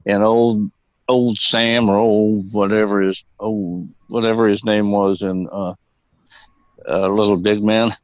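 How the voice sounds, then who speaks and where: An older man with a deep, low voice tells stories as a guest, wandering into digressions and peppering them with curses. The audio is dull and lo-fi, with a dry, close sound. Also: level tone, slow pace, dry recording. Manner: rambling and profane, prone to digressions. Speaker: interview guest, actor. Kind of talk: casual storytelling interview.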